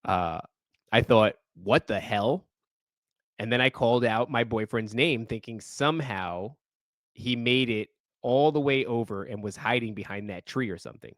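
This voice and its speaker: A man co-hosting a podcast, reading listener stories in casual chat, animated and profane, often laughing while he reads. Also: medium pitch, normal speed, no room sound, clean studio sound.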